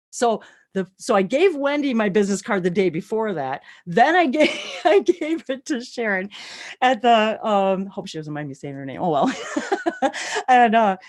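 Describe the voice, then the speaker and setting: A woman in her sixties, co-hosting a live stream, tells a story in a bubbly, breathless way, laughing often and squealing when thrilled. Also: mid-range voice. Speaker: co-host of a live channeling broadcast. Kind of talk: excited storytelling chat. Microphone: webcam on a video stream.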